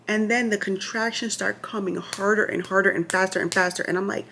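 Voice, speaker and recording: A woman's voice: mid-range voice, quick pace, hardly any pauses. Chatty woman retelling her birth story. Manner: chatty and animated, with frequent "like" and restarts; reads from notes at times. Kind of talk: casual storytelling to camera.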